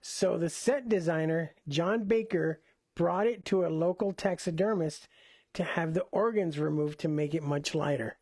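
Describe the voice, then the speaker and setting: Co-host, mid-pitched voice, blunt and argumentative, dry close recording. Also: normal speed, a little mellow, no room sound. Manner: blunt, contrarian. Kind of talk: casual chat.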